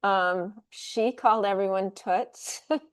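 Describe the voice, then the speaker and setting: A woman guest on a talk radio show speaks at an unhurried pace. Her talk is relaxed and chatty, often breaking into laughter. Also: mid-range voice, smooth. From United States. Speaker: guest, food company founder. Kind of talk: casual interview talk.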